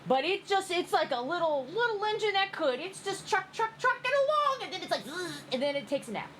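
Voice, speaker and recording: A very high-pitched young woman, giggling and rambling as she reacts to memes. Her voice swoops all over the place. There is a faint hiss behind her. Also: sing-song, brisk, fairly bright tone. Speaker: streamer reacting to fan memes. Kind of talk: excited casual commentary.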